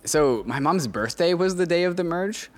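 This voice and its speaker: A man's voice: fairly high pitch, expressive, moderate pace. A man co-hosting a podcast in casual chat, laid-back and chuckling as he tells stories. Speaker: podcast co-host.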